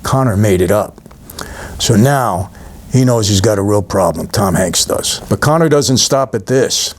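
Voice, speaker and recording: This channel host, a middle-aged man from New York, reviews a film by recounting it scene by scene to camera. His fairly low voice has lively intonation and a slightly slow pace, relaxed and chatty, with frequent storyteller's asides to his viewers.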